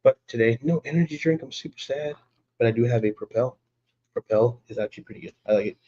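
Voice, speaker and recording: A man's voice: mid-range voice, fast talker, dark tone, highs cut off. A man hosting a casual live stream, chatting in a laid-back way, greeting viewers by name and laughing often.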